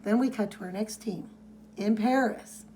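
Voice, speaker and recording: A woman's voice: medium pitch, moderate pace, warm tone, a little hiss or hum. A woman co-hosting a podcast, chatting casually as she recaps a comic and reads its dialogue in playful voices. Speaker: podcast co-host.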